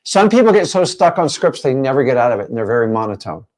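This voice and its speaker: A man's voice: mid-range voice, very animated, fast talker, darkish tone. A man teaching a real estate training session, emphatic and full of rhetorical questions.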